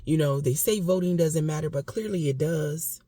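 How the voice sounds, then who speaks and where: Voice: mid-range voice, normal speed, mellow, no room sound. A vlogger giving impassioned casual commentary, emphatic and repetitive, with occasional coughing. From United States.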